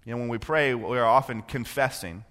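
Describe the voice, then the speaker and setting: Male preacher, bright and slightly high, shifts from hushed story to fervent sermon, long hall echo. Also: a little fast. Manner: builds from quiet storytelling to impassioned preaching. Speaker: pastor.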